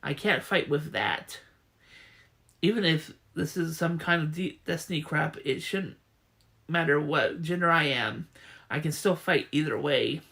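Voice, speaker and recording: A man's voice: a little high, unhurried, creaky, pushed and bright, exaggerated voice. A man reading as a defiant teen boy hero. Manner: defiant, blunt.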